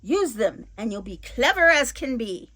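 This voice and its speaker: A woman voicing a timid but wise little man in a storybook reading, calm and mild. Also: a little high, measured pace, slightly rough, full character voice.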